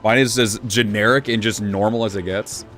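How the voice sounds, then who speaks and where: A man casually commenting on his gameplay as a streamer, relaxed and rambling, swearing now and then. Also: fairly low pitch, moderate pace, faint music behind.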